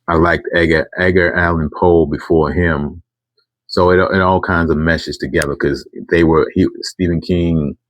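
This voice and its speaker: A man's voice: deep voice, no room sound. A middle-aged man telling a casual story to camera, rambling and correcting himself, with emphatic asides. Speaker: channel host telling a story.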